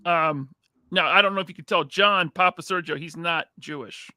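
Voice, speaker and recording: A man's voice: on the high side, normal speed, sharp tone, no room sound, studio quality. A male podcast host in casual live chat, joking and reading viewer comments aloud.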